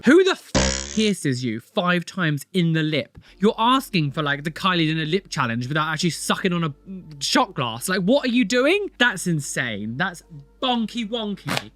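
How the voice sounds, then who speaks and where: A man comments on clips in a high, animated voice that keeps exclaiming and repeating itself. The sound is dry and close, with no room around it. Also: no echo. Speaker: reaction video host. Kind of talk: casual reaction commentary.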